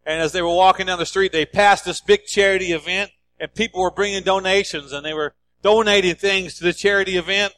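High-voiced emphatic male preacher. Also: steady tone, brisk, few pauses, fairly bright tone. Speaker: pastor. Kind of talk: sermon.

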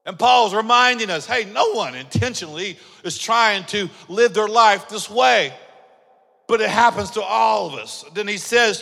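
A man preaching a sermon as pastor, telling stories and acting out dialogue, building up to shouting. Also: high-pitched, a little slow, gravelly. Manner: animated storytelling, acts out dialogue, builds to shouting. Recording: long hall reverb.

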